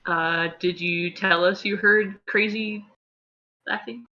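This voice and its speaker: A player in a tabletop game making dry, unhurried remarks. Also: medium pitch, fairly even intonation, sharp tone, lo-fi sound. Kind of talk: casual chat at a tabletop game.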